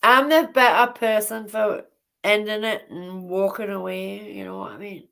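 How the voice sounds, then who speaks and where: A woman hosting a casual livestream chat, speaking haltingly and repeating herself. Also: medium pitch, expressive, vocal fry, a bit bright, clear, resonant tone. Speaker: livestream host.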